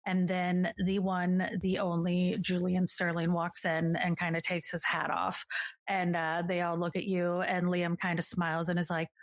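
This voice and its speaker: A woman's voice: lowish voice, completely flat delivery, measured pace. A woman narrating as the game master of a tabletop game, in a casual storytelling manner with many fillers.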